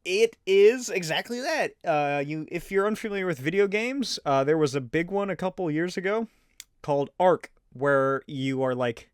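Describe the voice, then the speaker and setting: A man's voice: fairly high pitch, expressive, normal speed, clear, resonant tone, dry recording. Rambling, swearing man with a dry close sound. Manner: rambling, swears, laughs often. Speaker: podcast host. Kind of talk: casual solo chat.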